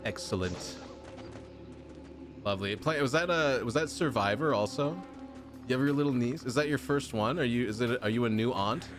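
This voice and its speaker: A man's voice: mid-range voice, moderate pace. A man streaming a video game, chatting casually with viewers in joking, rambling, self-mocking banter. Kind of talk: casual live-stream chat. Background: game music.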